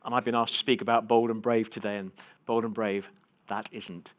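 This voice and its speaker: A man giving a motivational keynote to a live audience, telling personal stories with big swings between hushed and loud delivery. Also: lowish voice, flat delivery, a little fast. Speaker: keynote speaker. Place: conference stage before a live audience.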